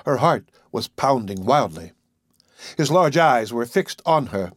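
A man narrating a story in an expressive, scripted reading. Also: medium pitch, a little slow, no echo, studio quality.

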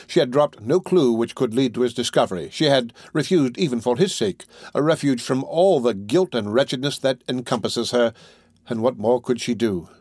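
A man narrating a classic novel in a measured, steady reading. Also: mid-range voice, slightly rough, no echo, clean studio sound. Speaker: audiobook narrator.

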